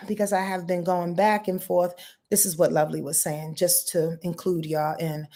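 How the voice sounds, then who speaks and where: A woman's voice: fairly low pitch, level tone, normal speed, dark tone. Profane, emphatic woman astrologer. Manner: profane, emphatic, talks straight to her viewers; reads out and answers viewer comments. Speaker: astrologer and channel host. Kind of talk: casual live astrology rundown.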